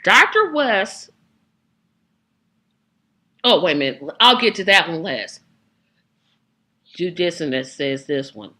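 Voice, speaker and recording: A woman hosting a casual political chat, animated and acting out the reactions she quotes. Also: fairly low pitch, slow pace, pauses often. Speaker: host.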